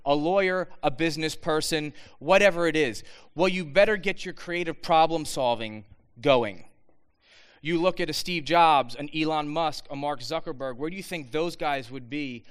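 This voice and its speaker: A man giving an earnest, animated talk to students, with frequent restarts. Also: a little high, smooth. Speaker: speaker addressing students.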